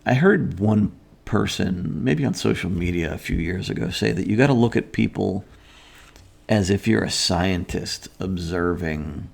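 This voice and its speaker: Gravelly low-voiced guy, middle-aged, chatting and telling a story, lots of ums and restarts. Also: a little slow. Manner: rambling storytelling, frequent fillers and restarts. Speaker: host. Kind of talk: casual chat.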